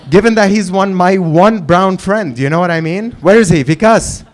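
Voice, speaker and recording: A man's voice: high-pitched, a little slow. A man from Lebanon hosting an open mic, doing stand-up and acting out both sides of dialogues with plenty of swearing. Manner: loud announcer calls when introducing acts. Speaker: open mic host and comedian. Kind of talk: stand-up comedy. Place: comedy club stage with live audience.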